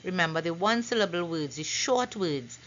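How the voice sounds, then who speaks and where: A woman teaching a phonics lesson over slides, slowly stretching out and repeating each example word. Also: lowish voice, animated, dull audio. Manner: slow, careful, stretches out example words.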